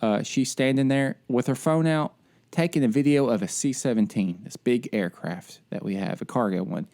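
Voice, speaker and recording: A man co-hosting a casual podcast, telling a frustrated story in an animated, ranting way. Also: medium pitch, normal speed. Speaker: podcast co-host; military service member.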